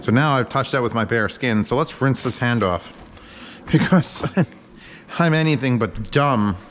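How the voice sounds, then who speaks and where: A man's voice: mid-range voice, unhurried, a bit bright, a little hiss or hum. A man hosting a casual cooking vlog from his home kitchen, rambling and joking with plenty of swearing as he works. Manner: joking, profane, rambling commentary. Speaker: home cook host.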